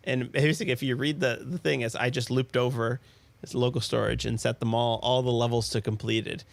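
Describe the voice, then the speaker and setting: A man's voice: mid-range voice, level tone, a little fast, creaky, no room sound. A man co-hosting a tech podcast, telling rambling stories packed with "like". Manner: rambling storyteller, lots of "like". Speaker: podcast co-host. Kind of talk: casual tech podcast chat.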